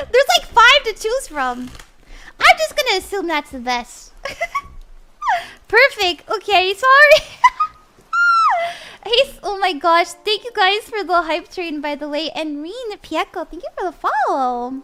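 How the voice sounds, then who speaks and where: A woman's voice: extremely high pitch, very animated, a little slow, long pauses, very noisy. A young woman reading tarot on a live stream in a bubbly, giggly put-on voice, often flustered and apologetic. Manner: bubbly, giggly, flustered while fixing audio.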